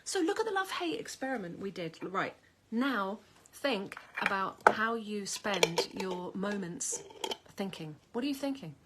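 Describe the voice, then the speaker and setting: A middle-aged woman, talking casually and at length to camera at home in a chatty, animated way. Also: mid-range voice, unhurried, very noisy. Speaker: vlogger.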